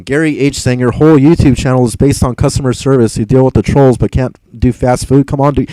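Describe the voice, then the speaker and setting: A man's voice: medium pitch, steady tone, brisk, few pauses, warm tone, no echo, rough recording. A young man hosting a casual livestream, reading viewer comments aloud in a rambling, exasperated way, swearing and laughing often. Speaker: livestream host reading chat.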